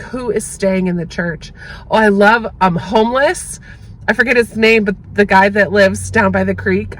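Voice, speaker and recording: A woman's voice: medium pitch, slight background noise, low-quality recording. Chatty woman vlogger gushing about a book. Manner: chatty, gushing, self-correcting. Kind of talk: casual book review chat. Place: parked car at a rest stop.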